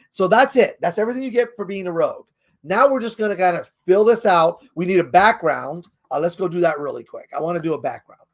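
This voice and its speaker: A man hosting a casual tabletop game tutorial, explaining the rules in a rambling way and chuckling often. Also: high voice. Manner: rambling, chuckles often, trails off while searching.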